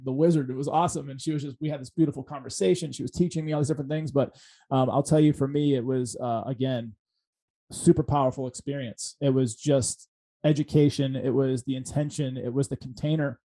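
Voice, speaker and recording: A man hosts a podcast in a loose, conversational way. He sounds earnest and reflective and often restarts his sentences. His voice is mellow and warm rather than bright. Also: mid-range voice, steady tone, fast talker. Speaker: podcast host.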